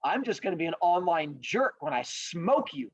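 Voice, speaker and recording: A man's voice: a little high, very animated, moderate pace, muffled recording. A man doing a prim nerdy turtle. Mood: indignant. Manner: prim, challenging. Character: methodical male turtle on the chess team.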